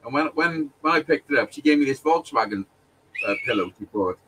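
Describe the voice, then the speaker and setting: A man's voice: mid-range voice, lively intonation, brisk, fairly bright tone, far from the mic, slight background noise, poor audio. A man telling a long personal story in casual chat, sweary and rambling, with frequent restarts and laughs.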